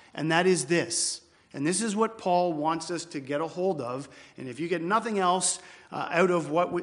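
A male pastor preaching an expository sermon in church, emphatic, slowing down to repeat key phrases. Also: a little high, a bit bright.

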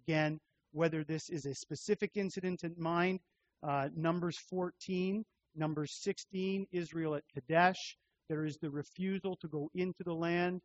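A man's voice: a little high, steady tone. Man preaching a sermon, lo-fi. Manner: measured expository preaching, repeating phrases for emphasis. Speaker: pastor.

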